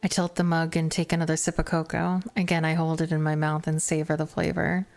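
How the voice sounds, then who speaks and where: A woman's voice: sits low, fairly quick, vocal fry, faint music behind. Woman streamer reading a visual novel aloud. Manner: expressive, self-deprecating asides between narration.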